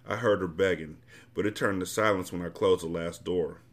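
Podcast host reading an urban novel, lowish male voice, casual and blunt. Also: steady tone, normal speed. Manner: casual, blunt, profane commentary. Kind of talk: reading a novel aloud and commenting.

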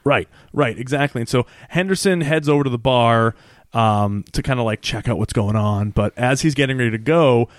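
A man's voice: medium pitch, moderate pace, dry recording, studio quality. A man co-hosting a podcast, casually retelling a TV episode scene by scene and quoting the characters. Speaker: podcast co-host. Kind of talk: casual recap chat.

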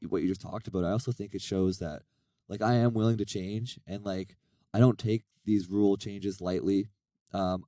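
A man with a raspy voice co-hosting a casual podcast, rambling earnestly about running his league. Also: lowish voice, mellow, no room sound. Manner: rambling, self-deprecating, earnest. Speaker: podcast co-host and league organizer.

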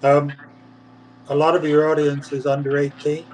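A man, a puppeteer guest, telling a lively anecdote and acting out the voices of the people in it, laughing now and then. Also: a little high, normal speed, distant mic, background noise. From England. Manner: lively storyteller, acts out voices, laughs often.

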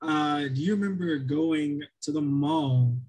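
A man's voice: fairly high pitch, a little slow, a little mellow, a little hiss or hum, poor audio. A young man co-hosting a podcast in casual chat, rambling and self-deprecating with lots of restarts and fillers. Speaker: podcast co-host.

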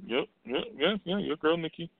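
A man's voice: fairly high pitch, normal speed, gravelly, no echo. A man co-hosting a radio show, chatting casually about celebrity gossip, laughing often and reading quotes in a mocking voice. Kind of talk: casual entertainment gossip chat. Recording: dry, phone-like line.

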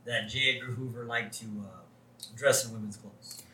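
A man co-hosts a casual podcast recapping a TV episode, laughing often and retelling scenes animatedly with put-on voices for quoted lines. His voice is medium-pitched at a moderate pace, recorded from a distance in low quality with noticeable reverb.

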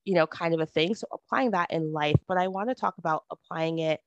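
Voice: medium pitch, a little fast, dry recording, dull audio. A podcast host talking casually with a guest, chatty with many filler words. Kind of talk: podcast interview conversation.

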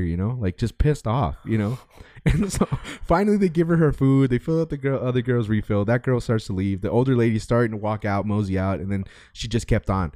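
A young man co-hosting a podcast, telling a story in a casual chat, profane and animated, acting out the quotes. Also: fairly low pitch, fast, no echo, studio quality. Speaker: podcast co-host.

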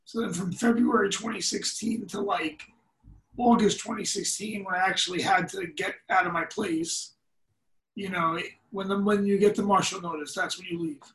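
A man's voice: sits high, normal speed, recorded from a distance. A man, a podcast guest telling stories in a loose, profane, laughing way. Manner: profane, laughing, animated storyteller. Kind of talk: casual storytelling. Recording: echoey room, set back from the mic.

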